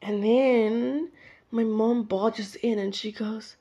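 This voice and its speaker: A woman's voice: on the high side, steady tone, slow, warm tone, husky. Chatty teen girl podcaster. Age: late teens. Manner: chatty, rambling, many fillers and restarts. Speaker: podcast host. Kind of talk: casual storytelling monologue. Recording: slightly dull lo-fi audio.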